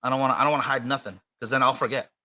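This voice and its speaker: Bright-voiced rambling American man. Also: mid-range voice, fairly even intonation, rapid-fire. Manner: rambling, hesitant, many fillers and restarts. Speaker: podcast co-host. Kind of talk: casual chat.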